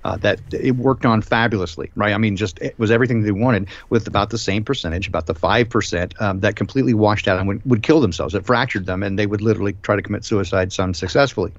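A man hosting a live stream discussion, talking in a rambling, emphatic way with many filler pauses. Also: on the low side. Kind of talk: casual discussion. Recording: dull lo-fi stream audio.

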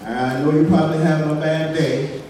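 Stand-up comic heard from far off. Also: male voice, on the high side, level tone, a little fast. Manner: conversational storytelling, frequent "right?" asides. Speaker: stand-up comedian. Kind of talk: stand-up set. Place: comedy club stage. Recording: far-off mic in an echoey hall with loud audience noise.

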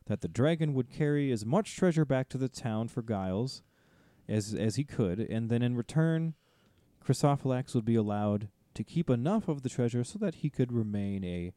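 A man in casual podcast talk, retelling a story's events in an easygoing way. His voice sits at a middling pitch with a warm, mellow tone. The sound is dry and close. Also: moderate pace, no echo. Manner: relaxed, summarizing plot with light laughs. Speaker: podcast co-host. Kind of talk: casual discussion summarizing a story.

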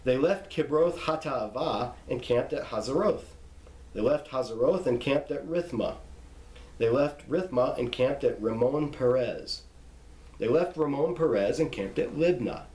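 A man's voice: mid-range voice, lively intonation, darkish tone, reverberant, poor audio. A man reading a list of scripture names aloud and stopping to explain how to pronounce them, in a teaching tone. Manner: reads name lists slowly, pausing to spell out pronunciations.

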